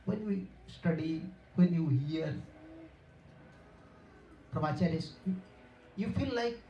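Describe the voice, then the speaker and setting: A high-pitched, darkish-toned man speaks expressively and a little slowly, pausing often, as a spiritual teacher delivering a devotional lecture. He tells stories earnestly, repeats himself and chuckles, recorded from a distance in a hall by a room mic, with a little hiss or hum.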